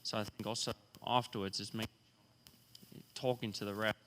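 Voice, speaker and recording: A man's voice: on the low side, level tone, a little fast, a bit bright, a little hiss or hum. A man speaking as a college tennis coach on a recruiting panel, candid and rambling, often quoting what he tells people. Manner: candid, rambling, quotes himself. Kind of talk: panel discussion. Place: event hall.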